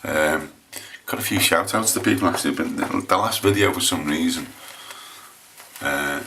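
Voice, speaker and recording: An English man with a low voice chatting casually while he shaves on camera, rambling and hesitant with lots of restarts. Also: moderate pace, creaky, pushed and bright, a little hiss or hum. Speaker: shaving vlogger.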